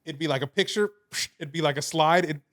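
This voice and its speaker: A young man on a podcast, telling a wild story in casual chat, animated, swearing and laughing as he goes. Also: on the high side, quick pace. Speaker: podcast co-host.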